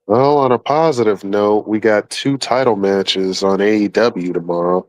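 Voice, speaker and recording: Low-voiced man in casual podcast chat. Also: moderate pace, rough recording. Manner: laid-back, profane, informative. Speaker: podcast co-host.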